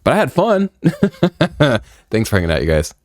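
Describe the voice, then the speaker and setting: A man's voice: medium pitch, wildly swooping pitch, measured pace, dry recording, clean studio sound. A man giving playful, casual commentary over a video game, joking and swearing freely. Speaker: gaming video creator. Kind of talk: casual let's-play commentary.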